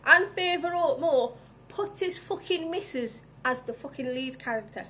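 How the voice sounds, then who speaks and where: A woman's voice: high-pitched, expressive, measured pace, sharp tone, slight background noise. A woman vlogging, ranting angrily with heavy swearing. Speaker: vlogger reviewing films. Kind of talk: casual ranting vlog.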